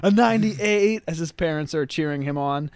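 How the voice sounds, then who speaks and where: A man's voice: a little high, smooth, dry recording. A man co-hosting a podcast, chatting casually, joking and laughing often as he recaps a sitcom episode. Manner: jokey, laughs often, does quick character voices. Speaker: podcast co-host.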